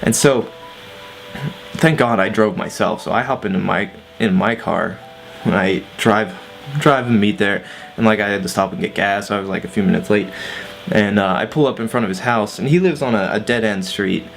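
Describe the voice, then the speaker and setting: A man with a fairly low voice tells a story straight to his camera on his vlog. He is loose and laid-back, full of fillers and casual swearing. Faint music plays behind him. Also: moderate pace, vocal fry. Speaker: vlogger.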